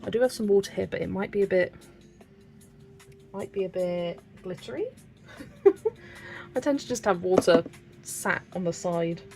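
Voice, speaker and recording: Chatty British woman, slightly gravelly. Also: mid-range voice, lively intonation, a little slow, pauses often, a little mellow, soft background music. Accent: British English. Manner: chatty, giggly, reads out viewer comments. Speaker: colouring channel host. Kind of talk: casual livestream chat while colouring.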